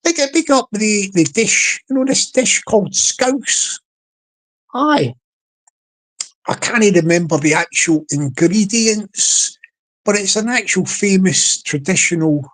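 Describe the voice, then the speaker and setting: A man's voice: high voice, vocal fry, fairly bright tone, low-quality recording. A man hosting a casual livestream, rambling with many restarts and repeated words and chuckling often. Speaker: livestream host.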